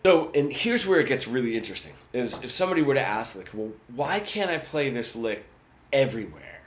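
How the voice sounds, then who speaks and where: A man teaching guitar in a relaxed, conversational lesson, often checking in with "right?". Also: medium pitch, a little fast, slight background noise. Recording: roomy sound with guitar.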